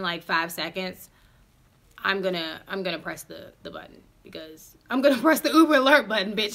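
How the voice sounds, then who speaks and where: A young woman in her twenties tells a storytime to her viewers in a casual, profane way. Her voice sits fairly high and sounds bright and forceful. She keeps the telling animated and talks straight to the audience. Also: quick pace. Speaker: vlogger.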